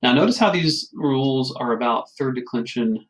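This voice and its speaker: A man's voice: mid-range voice, expressive, moderate pace, low-quality recording. A man teaching a recorded lesson, explaining grammar rules patiently and checking in with frequent questions. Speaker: Latin teacher. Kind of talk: recorded classroom lecture.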